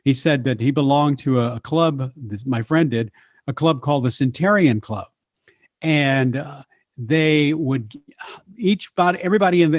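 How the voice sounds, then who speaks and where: A man's voice: mid-range voice, dry recording. A man, a voice actor and impressionist, telling stories animatedly as a guest in a chat. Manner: animated storyteller, slips into voices. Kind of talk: storytelling chat. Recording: slightly dull lo-fi sound.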